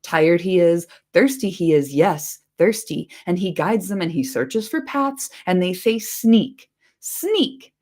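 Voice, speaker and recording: A woman's voice: on the low side, animated, slow pace, darkish tone. A woman doing a hissing, wheedling creature. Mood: bitter, wheedling. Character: sly hissing male creature, wheedling and bitter.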